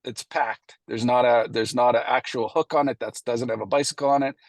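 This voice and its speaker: A middle-aged man spins a story-driven talk, full of fillers and little acted-out exchanges. His voice sits at an everyday middle pitch. The sound is close and dry, with no room echo. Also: steady tone, a little fast. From Canada. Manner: anecdotal, acts out past dialogue, frequent fillers. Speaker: presenter at a committee meeting. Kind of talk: casual storytelling presentation.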